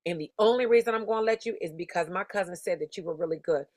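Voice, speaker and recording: A woman's voice: lowish voice, fast talker, darkish tone, dry recording, studio quality, close to an everyday voice. A woman voicing a blunt, scolding old woman in her seventies. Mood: stern. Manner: scolding, no-nonsense.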